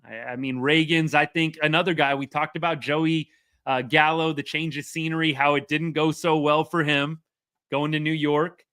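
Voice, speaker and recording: A man, hosting a casual live sports chat as an excitable, rambling fan. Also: a little high, moderate pace, smooth. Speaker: sports podcast host.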